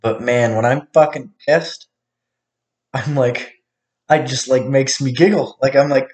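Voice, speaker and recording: A man in a casual monologue, ranting with lots of swearing, swinging between low mutters and sudden outbursts. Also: a little slow, a little mellow. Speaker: vlogger.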